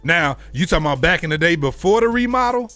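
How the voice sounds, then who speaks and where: A man with a St. hosts a casual radio chat, his voice sitting a little high. He reminisces and quizzes his cohosts in easy, slangy banter. Faint music plays underneath. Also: expressive, fast talker, sharp tone. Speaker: radio show host.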